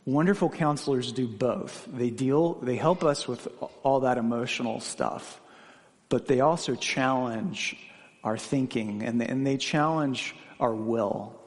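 A man's voice: medium pitch, a little slow, long reverb tail. A man preaching a sermon, asking the congregation questions and telling stories from his own life. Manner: questioning, earnest, personal anecdotes. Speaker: pastor.

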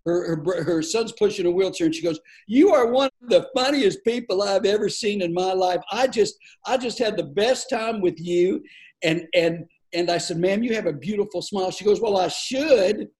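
This is an older man with a fairly high voice. He is a comedian telling stories as a guest, and he does it playfully and with animation, often laughing along with his own tales. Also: normal speed, a little mellow. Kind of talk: storytelling in a podcast interview.

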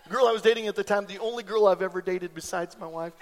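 High-voiced pastor in reverberant church. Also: male voice, quick pace, noisy background. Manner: animated storyteller, acts out voices in anecdotes. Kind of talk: sermon with personal stories. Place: church sanctuary.

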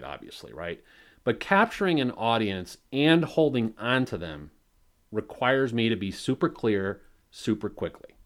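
A man hosting a solo podcast, rambling and swearing freely while he mocks himself. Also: fairly low pitch. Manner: rambling, profane, self-mocking. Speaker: podcast host.

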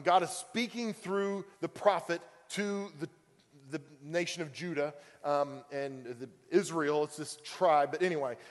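A male pastor preaching a sermon in a conversational way, full of fillers and acted-out quotes. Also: fairly high pitch. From Oklahoma. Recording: long reverb of a church hall.

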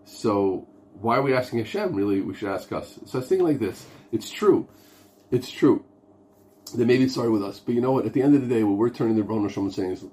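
Teaching an informal lesson on prayer, this rabbi speaks quickly in a fairly low, warm voice with lively intonation. He is earnest, weaves Hebrew and Yiddish words into his English, and imitates pleading voices.

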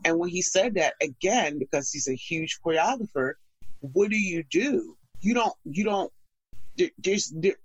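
A woman's voice: lowish voice, animated, unhurried, breathy edge, dry recording, lo-fi sound. A woman who is a stage actress, talking frankly and emphatically in an interview and telling stories with blunt asides. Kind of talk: candid conversational interview.

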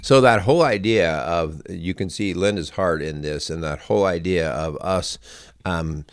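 A deep-voiced man talks through faith and family with his partner, pausing and restarting mid-sentence as he thinks aloud. The recording is dry and close, with no room around the voice. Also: smooth, dry recording. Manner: halting, restarts often, calls partner "hun". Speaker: podcast co-host. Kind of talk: casual faith-based conversation.

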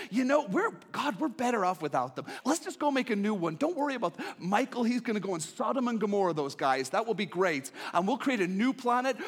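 A man voicing a crowd of exasperated angels begging God to give up on people, in a high, whiny, urgent voice. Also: breathy edge, heavily acted. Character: pleading heavenly angels, exasperated, chattering.

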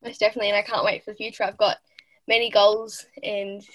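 A woman's voice: medium pitch, little pitch movement, fast talker, fairly bright tone, no echo. A nineteen-year-old Australian woman, a podcast guest, chatting earnestly and upbeat in an interview. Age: late teens. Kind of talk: casual interview chat.

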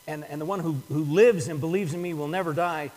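A man's voice: a little high, fairly quick, a little mellow, in a large hall, low-quality recording. An older man preaching a sermon in an earnest manner, often repeating words as he builds a point. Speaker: pastor.

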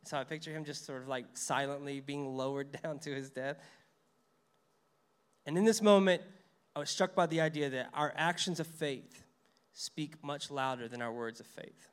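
Higher-voiced man preaching conversationally. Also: normal speed, smooth. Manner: conversational preaching, reads scripture aloud, acts out quotes. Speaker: pastor. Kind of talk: sermon.

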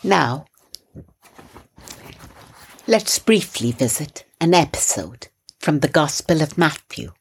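A woman from India with a very low, breathy voice leads a guided Christian meditation. She speaks slowly and calmly, in a gently instructive way. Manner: calm, slow, gently instructive. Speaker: meditation podcast host.

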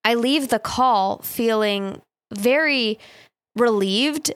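A woman's voice: fairly high pitch, measured pace, no echo. A woman hosting her own podcast as a life coach, talking in a chatty, emphatic and reflective way, repeating words for stress. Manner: reflective and self-deprecating. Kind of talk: casual solo podcast monologue.

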